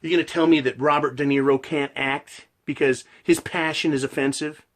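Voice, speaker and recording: A man's voice: on the high side, steady tone, normal speed. A man delivering a passionate, profane ranting monologue as a channel host.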